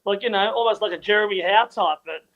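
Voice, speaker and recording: A man's voice: high voice, fast talker, fairly bright tone, muffled recording, slight background noise. An Australian man, a guest on a podcast, chatting in an easygoing, teasing way. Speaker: guest, former footballer. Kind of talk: casual chat.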